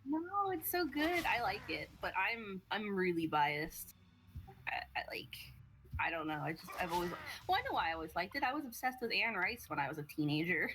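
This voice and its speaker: Playful woman from Maryland, bright tone, casual stream chatter. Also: mid-range voice, very animated, slight background noise, rough recording. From Maryland, USA. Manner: playful, laughs often, quick banter. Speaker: roleplay streamer. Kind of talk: casual chat.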